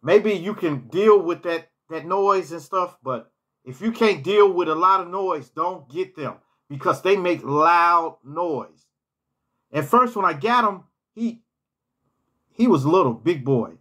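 A man's voice: sits high, lively intonation, slow pace, a bit bright. A man telling personal stories in a casual storytime vlog, rambling and often repeating words and restarting his phrases.

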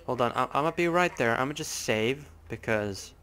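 A man's voice: medium pitch, lively intonation, moderate pace, fairly bright tone. A young man hosting a gaming channel, giving jumpy, nervous let's play commentary with lots of swearing.

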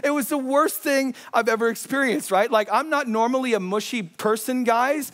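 A young man preaching a sermon in a church, telling stories with lively acted-out quotes and casual asides. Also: very high voice, normal speed. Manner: animated, storytelling with acted quotes, conversational asides. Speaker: pastor. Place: church sanctuary.

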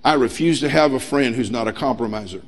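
A middle-aged man preaching a sermon as pastor, emphatic and humorous, swinging between loud pushes and quiet asides. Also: medium pitch, fast talker. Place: church sanctuary.

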